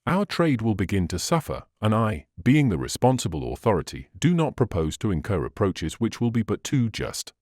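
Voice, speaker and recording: A man's voice: fairly low pitch, big pitch swings, moderate pace, hardly any pauses, a little mellow, dry recording, clean studio sound. A man voicing an emphatic, indignant burgomaster. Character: pompous, impatient middle-aged male burgomaster. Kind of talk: audiobook dialogue reading.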